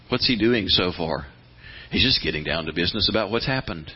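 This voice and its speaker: An American man preaching a sermon and reading scripture, talking earnestly and conversationally, then building to animated emphasis. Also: deep voice, brisk, breathy edge, highs cut off. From United States. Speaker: pastor.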